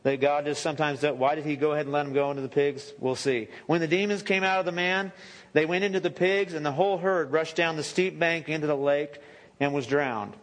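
A man's voice: on the high side, steady tone, brisk. A man preaching a sermon as pastor, speaking conversationally with joking asides and self-corrections. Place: church sanctuary. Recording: echoey church hall with long reverb.

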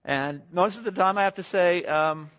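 A young married man preaching a sermon to a congregation in a conversational, self-deprecating way, slipping into quick acted-out quotes. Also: high-pitched. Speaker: pastor. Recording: dull lo-fi sound.

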